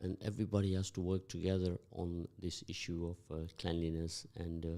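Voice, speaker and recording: A man's voice: deep voice, little pitch movement, fairly quick, dark tone. A man hosting a community radio interview, encouraging and speaking straight to the listeners. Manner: encouraging, addresses listeners directly. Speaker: radio show host.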